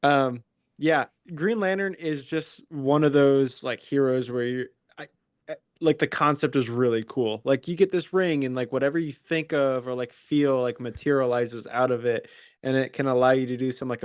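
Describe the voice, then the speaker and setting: A man's voice: medium pitch, moderate pace, darkish tone, clear, resonant tone, no room sound, clean studio sound. A man from the US Midwest co-hosting a podcast in casual chat, hesitant and leaning on filler words. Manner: hesitant, heavy use of "like". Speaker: podcast co-host.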